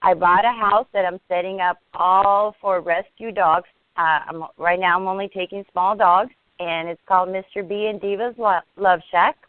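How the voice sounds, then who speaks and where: A woman speaking as an interview guest, earnest and halting, often restarting her sentences. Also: medium pitch, steady tone, dry recording. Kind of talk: casual interview chat. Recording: tinny dry phone line.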